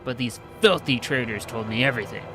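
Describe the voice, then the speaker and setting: A man's voice: medium pitch, fairly quick, lightly acted. A man voicing a ruthless, fanatical male crusader who is secretly a traitor, bellowing and gloating as he reads the game's lines aloud. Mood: zealous.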